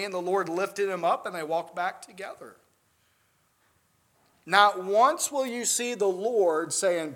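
A man's voice: high-pitched, a little slow, fairly bright tone. A man preaching a sermon as pastor, earnest and building to emphatic peaks.

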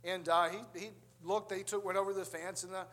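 Male preacher, slightly high voice, storytelling sermon with acted-out quotes. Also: little pitch movement, a little fast, fairly bright tone.

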